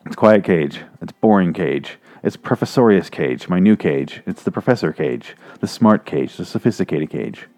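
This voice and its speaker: A man's voice: sits low, lively intonation, moderate pace, few pauses, darkish tone. A man hosting a movie review show, rambling in an exasperated, profane rant. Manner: rambling, exasperated, swears freely.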